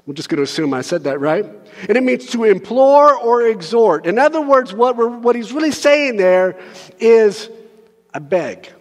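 A man with a notably high voice preaches from a church sanctuary, his words trailing into a long reverberant hall. He talks to the congregation casually and with humour, dropping to quiet asides and rising to loud, urgent pleading. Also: lively intonation, normal speed. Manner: conversational and joking, swings from soft to loud pleading. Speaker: pastor. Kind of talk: sermon.

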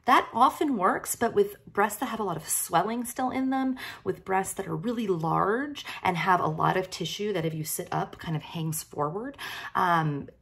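Woman, physician, instructional demo, husky voice, a bit of vocal fry, friendly check-ins. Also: mid-range voice, moderate pace. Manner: friendly, checks in with frequent "okay?". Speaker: breastfeeding medicine physician. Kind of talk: hands-on instructional demonstration.

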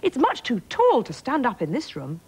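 A woman's voice: fairly high pitch, wildly swooping pitch, normal speed, darkish tone, husky, pitched above the performer's own voice, heavily acted. A woman voicing a curious young storybook princess.

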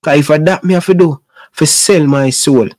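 A middle-aged man from Jamaica, with a Jamaican accent, talks directly to viewers of his own sports channel in a casual on-camera rant. His Patois is impassioned and preachy, delivered at a moderate pace in a slightly mellow voice that sits on the high side.

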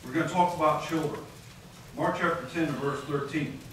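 Speaking a little fast in a slightly high, fairly bright voice, a pastor reads scripture and questions his listeners during a sermon. The setting is a big conference hall, captured by a distant mic with echo and faint noise.

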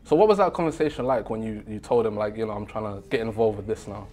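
A man's voice: lowish voice, fast, darkish tone. A young man hosting a podcast, interviewing his guest in an eager, deferential way and often hedging his questions. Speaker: podcast host.

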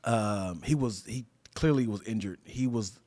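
A man's voice: lowish voice, unhurried. A young man in casual podcast chat, telling stories and acting out quotes. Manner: animated storyteller, acts out quotes loudly. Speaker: podcast co-host.

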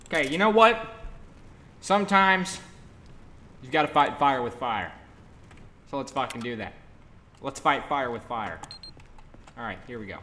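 A young man giving casual, rambling gameplay commentary, cursing often and breaking into loud outbursts. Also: medium pitch, a little hiss or hum. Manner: rambling, swears a lot, bursts into loud outbursts. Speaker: gaming video host.

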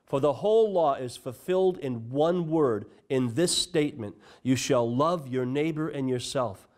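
In church, a pastor delivers his sermon in a mid-range, darkish voice at a slightly slow pace. He reads passages of scripture aloud and leans earnestly on the key phrases.

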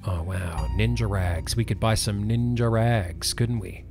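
A man hosting a gaming channel, giving excitable let's play commentary and laughing often. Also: on the low side, a little slow, faint music behind. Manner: excitable, laughs often, yells when things go wrong.

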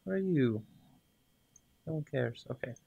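A man's voice: mid-range voice, expressive, measured pace, gravelly, warm tone, husky, muffled recording. A man casually commenting as he plays a game, talking to the items and muttering to himself, then cheering when things work. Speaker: gaming video host. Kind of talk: casual let's-play commentary.

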